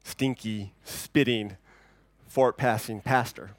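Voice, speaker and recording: A man voicing an indignant little old lady in a joke within his sermon, speaking lower and softer than his own voice. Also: steady tone, takes it slowly, dry recording, studio quality. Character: fussy old woman, indignant.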